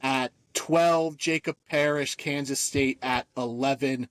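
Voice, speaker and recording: A man co-hosting a sports podcast in casual chat, listing rankings in an easygoing, quick-running way. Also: medium pitch, steady tone, no echo. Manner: easygoing, lists rankings rapidly. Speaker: podcast co-host.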